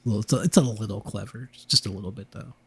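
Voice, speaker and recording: A man's voice: fairly low pitch, fast talker, vocal fry, husky. A man hosting a casual podcast, laid-back and slangy with casual swearing, sleepy and with a sore throat. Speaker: podcast host. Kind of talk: casual late-night podcast chat.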